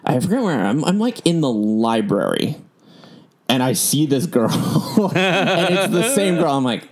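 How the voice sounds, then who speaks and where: Gravelly young man rambling through a story. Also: on the high side, sing-song, a little slow. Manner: rambling storyteller, many fillers, acts out quotes. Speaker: podcast host and DJ. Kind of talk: casual chat.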